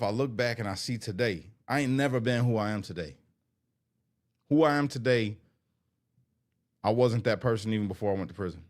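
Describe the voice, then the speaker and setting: A man's voice: lowish voice, a little fast, long pauses. A man talks candidly to camera in an earnest, heartfelt way, often repeating himself. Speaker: vlogger.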